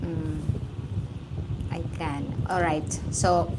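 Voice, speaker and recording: A Filipino woman hosts a relaxed livestream, chatting with viewers at an unhurried, easy pace. She laughs readily and greets people one by one. A steady hiss of background noise sits under her voice. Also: deep voice. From Philippines. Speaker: livestream host. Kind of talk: casual livestream chat.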